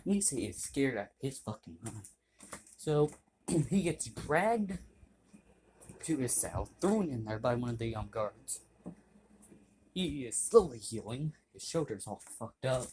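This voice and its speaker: A man's voice: mid-range voice, big pitch swings, measured pace, long pauses, a little mellow, a little hiss or hum. A man casually narrating an improvised story, rambling, swearing and correcting himself.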